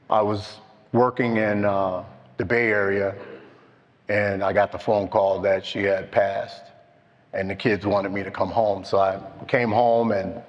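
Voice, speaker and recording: An older man telling his own story at a recovery meeting, slow and halting, heartfelt. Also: on the low side. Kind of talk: personal testimony. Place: meeting hall. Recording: dull, with long hall echo.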